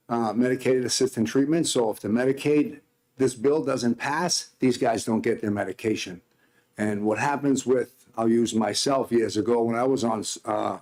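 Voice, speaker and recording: A man's voice: on the low side, a little mellow. A man running a recovery home, giving earnest, rambling testimony at a state senate hearing. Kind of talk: public testimony.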